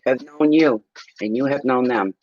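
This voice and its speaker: A man's voice: medium pitch, moderate pace, darkish tone, dull audio, a little hiss or hum. A man doing a casual livestream tarot reading, telling blunt, salty stories between questions. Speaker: tarot reader.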